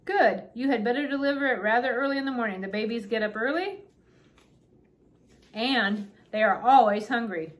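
A prim, self-important miniature king, read aloud by a woman, dry and formal in every word. The voice sits a little high, and each line comes out measured and superior. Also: close to an everyday voice. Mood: haughty. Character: fussy, haughty tiny doll-sized king, male.

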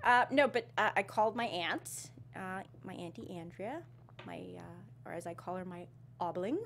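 A woman in her thirties from South Africa, a guest in an interview, talking in a casual, animated way and laughing often, with a slight South African twang in her speech. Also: on the low side, normal speed, vocal fry, a little hiss or hum. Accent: Canadian English with a slight South African twang. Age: 30s. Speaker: actress guest.

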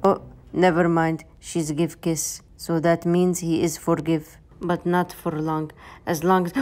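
A young woman narrating a comedic day-in-the-life vlog in playful, deliberately broken English. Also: on the low side, steady tone, a little mellow. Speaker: comedy vlogger.

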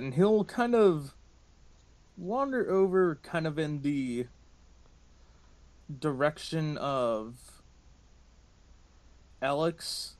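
A man playing in a tabletop game, describing his character in a casual, hesitant way. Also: a little high. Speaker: player. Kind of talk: tabletop role-play.

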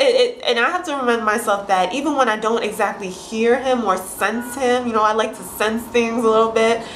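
Twenties woman chatting earnestly about faith, a bit high voice, roomy echo, faint hum behind. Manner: earnest, encouraging, with frequent restarts and soft laughs. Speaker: vlogger. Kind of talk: casual faith-sharing vlog. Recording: echoey room with faint background ambience.

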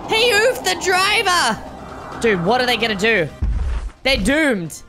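Excitable high-voiced reaction commentator. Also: female voice, a little slow. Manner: dramatic, slangy, exclaiming. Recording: music playing behind the voice.

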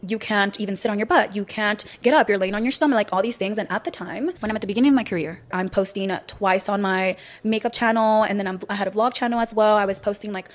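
A woman's voice: medium pitch, quick pace, hardly any pauses. A woman telling a personal story in a rambling way, full of fillers. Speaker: guest in a played clip. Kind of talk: confessional storytelling.

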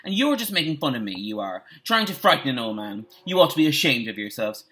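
A male teacher voicing a grumpy, deaf old caretaker in a read-aloud story, shouting and scornful. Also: mid-range voice, sing-song, quick pace. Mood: grumbling.

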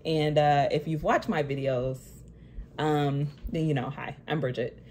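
A young woman talking to camera in an emotional personal vlog, nervous and close to tears, halting with many fillers. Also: low voice, fairly even intonation, darkish tone, slight background noise. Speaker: vlogger.

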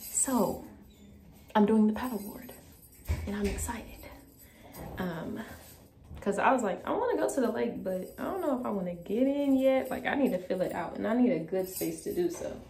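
A woman's voice: mid-range voice, expressive, moderate pace, vocal fry, dark tone, faint music behind. A woman vlogging casually to her viewers. She talks emphatically, repeats phrases and swears casually. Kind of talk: casual self-talk vlog.

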